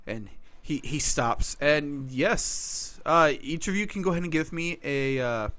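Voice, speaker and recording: A man narrating as dungeon master of a tabletop game, animated as he describes the characters' reactions. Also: a little high, measured pace.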